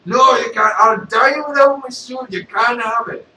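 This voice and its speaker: A man voicing Darth Vader as a loud, bragging, clumsy half-robot villain. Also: extremely high pitch, moderate pace, reverberant, far from the mic, slight background noise, pitched above the performer's own voice, exaggerated voice, poor audio. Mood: insistent.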